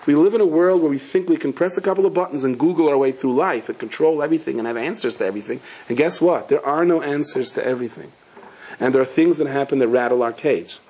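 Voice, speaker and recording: Speaking fast in a somewhat high, mellow voice with a breathy edge, this rabbi weaves stories into his sermon. He chats with the crowd in a joking way, raising questions and answering them himself.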